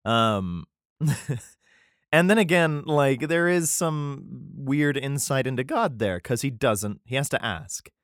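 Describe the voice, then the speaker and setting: A man's voice: medium pitch, expressive, slow pace, dry recording, clean studio sound. A man casually reading scripture aloud and riffing on it, rambling, laughing often and swearing freely. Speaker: reader commenting on scripture.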